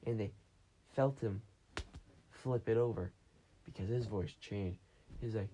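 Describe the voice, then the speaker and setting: On his casual phone-recorded podcast, a man rambles through a story, restarting often and acting out quotes. His voice is fairly low, warm and slightly rough, and he speaks a little slowly with long pauses.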